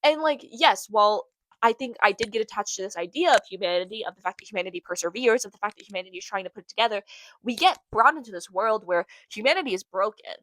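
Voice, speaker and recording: A young woman hosts her own podcast, talking alone in a casual, emotional, rambling monologue and often repeating phrases for emphasis. Her mid-range voice is expressive, quick and fairly bright, though the recording quality is low.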